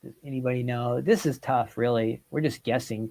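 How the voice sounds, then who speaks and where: A man's voice: on the high side, normal speed. A man hosting a casual livestream quiz, reading out viewers' guesses and teasing them playfully. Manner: playful, reads out viewer comments and teases them. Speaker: livestream host.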